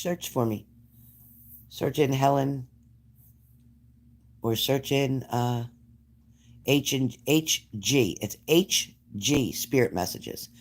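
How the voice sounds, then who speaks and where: A medium-pitched man from New Jersey hosts a livestream, chatting casually with his viewers. He reads their comments out loud and answers them.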